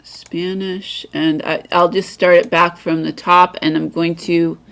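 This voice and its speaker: A woman hosting an English exchange on a live video call, relaxed and talking through each step as she sets up her screen. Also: fairly low pitch, unhurried, gravelly. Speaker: host of an English exchange session.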